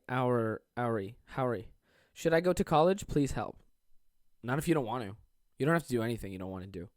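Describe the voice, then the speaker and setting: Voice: mid-range voice, a little mellow, no room sound, studio quality. A young adult podcast host giving casual, sarcastic, profanity-laced advice to listener questions from a home desk.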